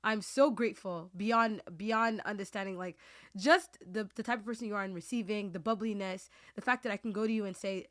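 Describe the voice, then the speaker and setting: A woman's voice: medium pitch, fast talker, fairly bright tone. A woman hosting a podcast, talking with her team in a heartfelt, rambling way, restarting her sentences often. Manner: Muslim phrases woven into speech. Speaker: podcast host. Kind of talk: emotional team chat.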